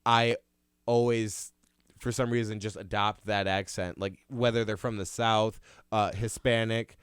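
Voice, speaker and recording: A man's voice: fairly low pitch, steady tone, a little slow, clean tone, no room sound, clean studio sound. A man hosting a casual podcast, talking in loose rambling sentences and laughing along with his guest. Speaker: podcast host.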